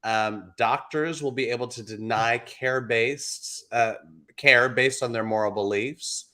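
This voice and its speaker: A man's voice: mid-range voice, a little slow. A man co-hosting a casual show, laughing a lot and sounding incredulous as he jokes. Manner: animated, laughs often, incredulous. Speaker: podcast co-host. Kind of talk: casual chat.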